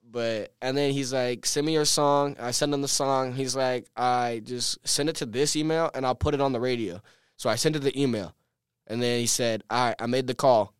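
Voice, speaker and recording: A teenage man, a guest musician, excitedly telling a story on a casual podcast and quoting the people in it. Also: mid-range voice, normal speed, clean tone, no echo, studio quality. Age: teens. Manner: excited storytelling, quotes himself and others.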